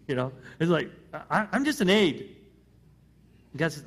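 A middle-aged man preaching to a congregation in a fairly high voice. He speaks conversationally, tossing out rhetorical questions and restarting his phrases. The tone is personal and persuasive. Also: very animated, fairly quick. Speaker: pastor. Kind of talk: sermon.

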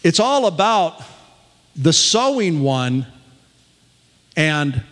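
Older male pastor, chuckling, folksy delivery, animated pitch, echo of a big room. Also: very slow. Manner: folksy, self-deprecating, chuckling. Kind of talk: sermon.

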